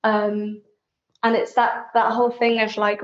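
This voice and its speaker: A woman's voice: a little high, flat delivery, unhurried. Frank young woman, roomy sound. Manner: candid, frank, often laughing. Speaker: guest. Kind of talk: podcast interview storytelling. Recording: roomy, slightly dull sound.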